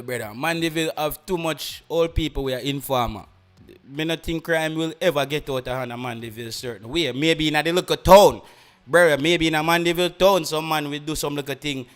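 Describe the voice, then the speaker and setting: A young man with a country Jamaican accent talks casually to his listeners. His voice sits fairly high, and he drifts between patois and English, restarting sentences as he goes. Faint music plays underneath. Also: a bit bright. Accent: Jamaican rural. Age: young adult. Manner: rambling, mixes patois and English, many restarts. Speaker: podcast host. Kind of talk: casual chat.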